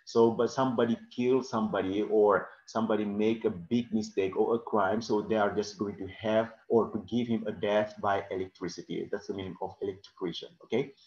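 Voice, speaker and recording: A man's voice: on the low side, fairly even intonation, darkish tone. Man teaching vocabulary, echoey room. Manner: explains slowly with frequent "okay?" checks. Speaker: English teacher. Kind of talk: classroom vocabulary lesson. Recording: echoey room, dull lo-fi sound.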